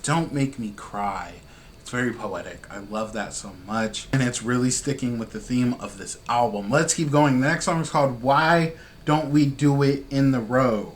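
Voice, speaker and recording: A man hosting a music reaction video, talking in an excitable, slangy, gushing way. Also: mid-range voice, normal speed, slight background noise. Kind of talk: casual reaction commentary.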